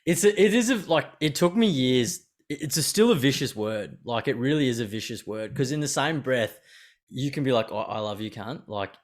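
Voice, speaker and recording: A young Australian man hosts an unscripted podcast chat. He swears freely and keeps it animated, slipping into quick impressions of other people. His voice sits at an average pitch for a man. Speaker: podcast host.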